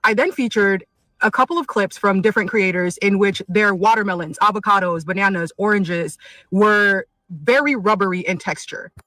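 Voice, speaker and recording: A woman's voice: medium pitch, moderate pace, pushed and bright, no room sound, rough recording. A woman in a direct-to-camera vlog, earnest and urging, running through lists.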